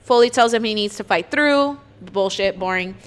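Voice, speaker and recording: A woman's voice: mid-range voice, moderate pace. A woman co-hosting a book podcast, recapping chapters in casual chat, blunt and profane, dropping in Spanish phrases.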